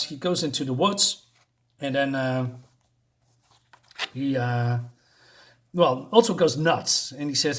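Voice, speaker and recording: A man's voice: a little high, slow, pauses often, a bit bright. A man giving a casual, rambling comic book review on his channel, with lots of fillers and restarts.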